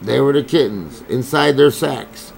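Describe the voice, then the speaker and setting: A man's voice: mid-range voice, measured pace, creaky, soft background music, poor audio. A man telling an angry, profane story, acting out both sides of an argument in quoted dialogue. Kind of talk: angry personal rant.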